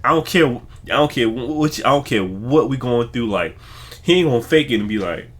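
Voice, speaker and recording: A man hosting a reaction video, giving casual, animated commentary that hypes up and riffs on a clip. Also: mid-range voice, fairly quick.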